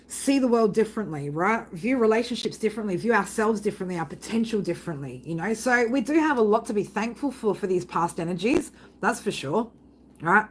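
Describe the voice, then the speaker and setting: A woman's voice: medium pitch, husky, low-quality recording. A woman hosting a live tarot reading stream, chatting casually with viewers, swearing constantly and often asking "right?". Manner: breaks into loud laughter reading chat comments.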